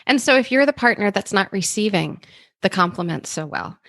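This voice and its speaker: A woman's voice: medium pitch, lively intonation, a little fast, a bit bright, dry recording. A woman co-hosting a relationship podcast, thoughtfully explaining ideas in casual chat. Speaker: podcast co-host.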